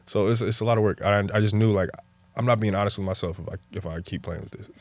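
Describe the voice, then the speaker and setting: A young man from New Jersey, a podcast guest, telling stories in a relaxed, casual way that turns lively and full of laughter at the funny parts. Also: fairly low pitch, quick pace, dry recording. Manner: laid-back, animated when telling stories, laughs often. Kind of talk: casual storytelling chat.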